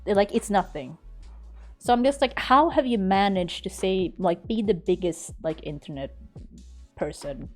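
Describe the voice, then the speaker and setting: Gaming on a live stream, a woman from Sweden talks casually in American-sounding English with a faint Swedish accent underneath, laughing a lot and cursing freely. She has a mid-range, slightly mellow voice with lively intonation and an unhurried pace, over faint background music.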